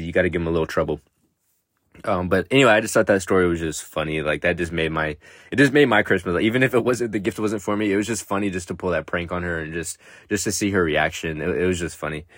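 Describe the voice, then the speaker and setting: A man's voice: sits low, no echo, clean studio sound. A young man hosting his own podcast, telling a story in a loose, rambling way, laughing often and swearing freely. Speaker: podcast host. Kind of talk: casual solo podcast chat.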